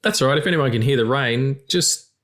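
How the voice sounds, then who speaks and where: A man's voice: medium pitch, a little fast, fairly bright tone. A man hosting a film podcast in casual chat, joking, swearing and laughing often. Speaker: podcast host.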